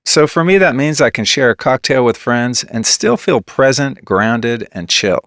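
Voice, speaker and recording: A man hosting a podcast, reading a sponsor spot in a relaxed, smooth promotional delivery. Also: mid-range voice, unhurried, dry recording, studio quality. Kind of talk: scripted ad read.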